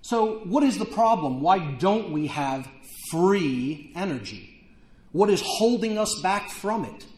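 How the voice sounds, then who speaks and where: Male conference speaker, hard-hitting and declamatory, slightly high voice, echoey hall sound. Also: very animated, slow pace, a little mellow. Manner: emphatic, declamatory. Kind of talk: conference lecture. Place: event hall.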